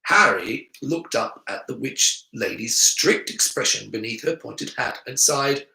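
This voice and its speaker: A man reading an audiobook aloud in an expressive, animated way. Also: mid-range voice, a little slow, gravelly, reverberant, low-quality recording. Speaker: audiobook reader. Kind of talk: audiobook narration.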